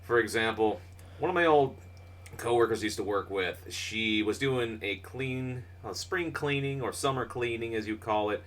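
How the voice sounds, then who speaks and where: A man's voice: mid-range voice, moderate pace, a bit bright, far from the mic. Rambling, laughing male co-host, off-mic. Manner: rambling, laughing, swears freely. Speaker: podcast co-host. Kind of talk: casual chat.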